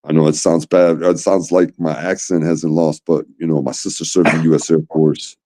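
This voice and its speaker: A man's voice: a bass voice, flat delivery, normal speed, mellow. An American man chatting casually on a stream, laid-back and repeating words, often saying "man". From United States. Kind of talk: casual chat. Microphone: streaming call.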